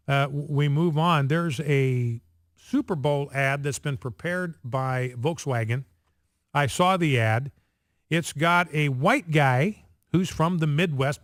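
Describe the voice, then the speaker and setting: A man's voice: on the high side, fairly bright tone, no room sound, studio quality. Emphatic male talk radio host. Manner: emphatic, slows down to stress figures; rhetorical questions and repeated phrases. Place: radio studio.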